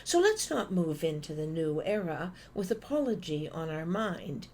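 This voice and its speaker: Lower-voiced Canadian woman giving a motivational talk. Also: normal speed, a little hiss or hum. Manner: animated storyteller acting out phone calls. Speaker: conference speaker.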